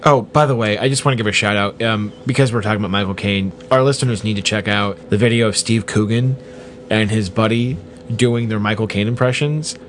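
A man's voice: lowish voice, a little fast, slight background noise. A man co-hosting a podcast, chatting casually and upbeat as he runs through the plugs. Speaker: podcast co-host. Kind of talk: casual chat. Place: podcast recording room.

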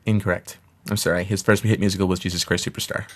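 Guy with a really low voice rattling off movie trivia fast on a podcast, keeps correcting folks. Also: little pitch movement, crowd noise. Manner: corrects others, quick trivia asides. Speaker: podcast co-host. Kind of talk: casual chat.

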